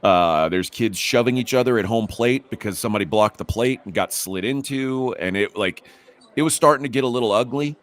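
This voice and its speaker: A man's voice: mid-range voice, brisk. A middle-aged man hosting a podcast, telling a rambling story with many restarts and growing heated. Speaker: podcast host. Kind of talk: casual storytelling.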